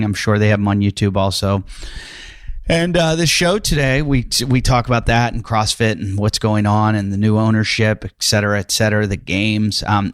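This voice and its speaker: A man's voice: on the low side, dry recording. Rambling male podcast host, dry mic. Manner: rambling, lots of fillers and self-mocking asides. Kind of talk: casual podcast intro and chat.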